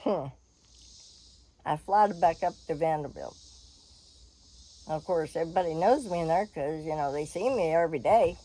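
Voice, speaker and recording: An older woman telling a personal story in a frank, animated way, laughing and swearing freely. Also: low-pitched, moderate pace, pauses often, low-quality recording.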